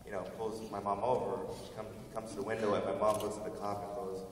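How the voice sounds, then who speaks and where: A man's voice: lowish voice, flat delivery, fast talker. A man from the United States doing a casual, slangy stand-up comedy set on stage. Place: large university event hall. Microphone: audience phone far from the stage. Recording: distant phone recording in an echoey hall with audience noise. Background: audience laughter and hall noise.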